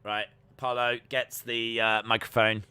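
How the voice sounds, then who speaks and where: Male streamer, live reaction commentary, teasing tone, smooth clear voice, dry booth sound. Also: mid-range voice, flat delivery, normal speed, pushed and bright, no room sound. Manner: mocking, chanting taunts. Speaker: watch-along streamer.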